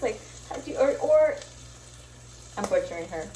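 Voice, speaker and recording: A young Miami woman vlogs while cooking bacon, chatting in a mellow, animated, fairly high voice at a moderate pace. She rambles, swears freely, and laughs often as she cuts herself off. The echoey kitchen carries a sizzling pan, slight background noise, and a distant camera.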